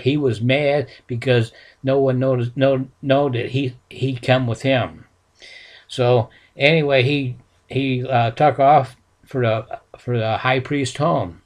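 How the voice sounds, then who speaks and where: A male preacher retelling a Bible story in a folksy, halting way, full of restarts. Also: medium pitch. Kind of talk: sermon storytelling.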